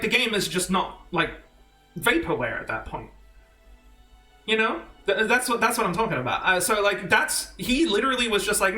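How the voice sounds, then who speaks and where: A young male streamer with a high, bright voice rants in quick, rambling bursts, swearing and laughing often. His room sounds echoey, with soft music underneath. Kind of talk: casual ranting chat.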